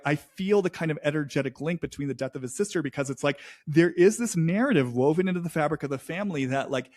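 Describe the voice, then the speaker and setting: A man giving a casual, emotive intuitive reading of a reality-show scene, swearing freely and voicing what others feel. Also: on the high side. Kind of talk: casual commentary.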